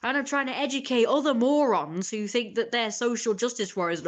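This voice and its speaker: A woman's voice: on the high side, expressive, moderate pace, few pauses. A woman streamer in a casual, rambling rant, sarcastic and indignant, often breaking off to cough or laugh. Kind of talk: casual ranting monologue.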